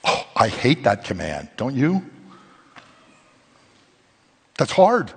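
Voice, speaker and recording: A male pastor preaching a sermon in an animated, conversational way, full of rhetorical questions. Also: mid-range voice, unhurried, gravelly, pauses often, breathy edge, big-room sound. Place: church sanctuary.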